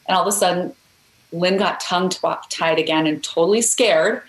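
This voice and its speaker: A woman's voice: fairly low pitch, brisk. Encouraging woman author in an echoey room. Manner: earnest, encouraging, animated storyteller. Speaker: guest author. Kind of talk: podcast interview storytelling.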